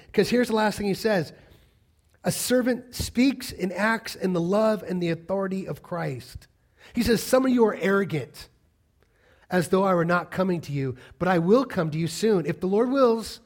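A middle-aged man preaching a sermon, animated and acting out the voices of the people he quotes. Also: high voice. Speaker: pastor.

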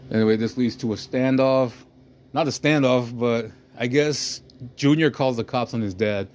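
A man's voice: medium pitch, normal speed, darkish tone. A man casually retelling a movie plot as a podcast host, rambling and swearing, often asking "you know what I mean".

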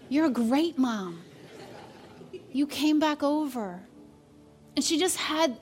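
Woman, preacher, sermon, candid storytelling, slightly high voice. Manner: candid storytelling, acts out quotes. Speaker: pastor.

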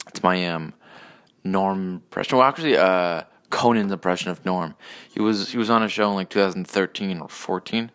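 A man's voice: deep voice, a little fast, a bit bright, clear, resonant tone. A man hosting his own podcast, ranting alone in a profane, rambling, sarcastic way, full of restarts and asides. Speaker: podcast host. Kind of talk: solo ranting monologue.

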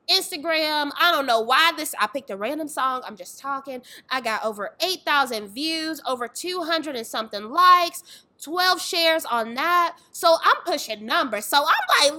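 Animated high-voiced woman telling a story. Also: moderate pace. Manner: lively storytelling with acted-out voices and exclamations. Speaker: fitness trainer and dance tour organizer. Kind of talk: candid faith testimony in casual conversation.

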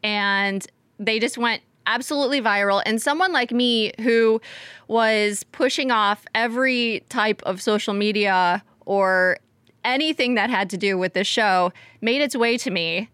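A woman's voice: on the high side, a little slow, fairly bright tone, clean tone, no room sound. A woman co-hosting a casual podcast chat, chatty and laughing lightly mid-sentence. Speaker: podcast co-host.

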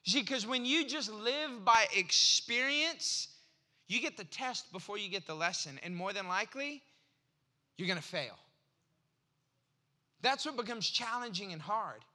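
High, bright-voiced man in his forties preaching. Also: animated, a little slow, pauses often. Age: 40s. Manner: conversational storytelling preacher, acts out voices in anecdotes. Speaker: pastor. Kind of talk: sermon.

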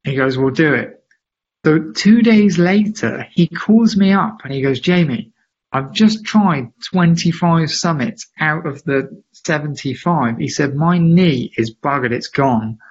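A man, a podcast guest, telling a story with lively emphasis and acting out the voices of people he quotes. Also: fairly high pitch, unhurried, slightly rough, dull audio. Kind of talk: animated storytelling in a podcast interview.

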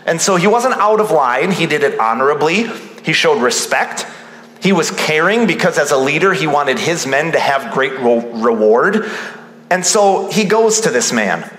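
A male pastor preaching an animated sermon, acting out the voices of the people he quotes. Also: fairly high pitch, moderate pace. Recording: roomy hall reverb.

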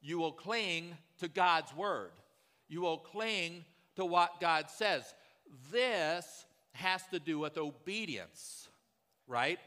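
Bright-voiced pastor preaching in a hall. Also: male voice, high-pitched. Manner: conversational storytelling, often asks "right?". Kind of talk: sermon.

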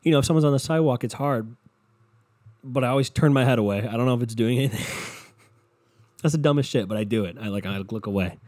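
A man hosting a solo podcast, ranting casually with lots of swearing, swinging between low mutters and loud exasperated outbursts. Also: a little fast, dry recording. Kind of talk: casual comedic rant.

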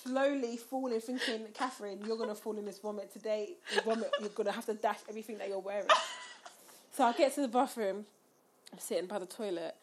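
A woman's voice: mid-range voice, fairly even intonation, fast talker, background noise. A young woman telling a story in casual chat, acting out the quotes with rising squeals.

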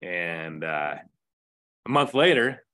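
A man's voice: sits low, very animated, takes it slowly, bright, forceful tone. A middle-aged man with an American accent, a fire captain telling a story as a podcast guest in a candid, casual way, cursing now and then and acting out quoted dialogue.

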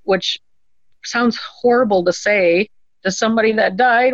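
A woman's voice: medium pitch, dry recording, dull audio. Earnest woman telling a personal story. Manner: earnest, halting, many ums and restarts. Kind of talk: conversational storytelling.

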